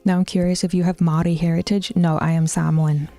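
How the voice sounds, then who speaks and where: A woman's voice: fairly low pitch, level tone, fast, mellow, faint music behind. Chatty, swearing New woman streamer. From New Zealand. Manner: chatty, swears often, drops into whispers, laughs a lot. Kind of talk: casual live-stream chat.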